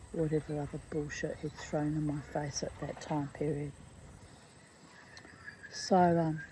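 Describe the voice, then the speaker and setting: Slow, low-voiced woman recounting her past. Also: mellow, a little hiss or hum, rough recording. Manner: reflective, halting, with frequent asides. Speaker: memoir author reading her own chapter. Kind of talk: personal storytelling read aloud.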